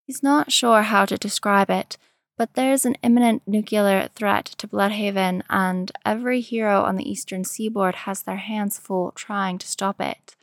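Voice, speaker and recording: A woman reading a story aloud in a slow, measured storytelling manner. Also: medium pitch, steady tone, no room sound, clean studio sound. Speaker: narrator. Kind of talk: fan fiction reading.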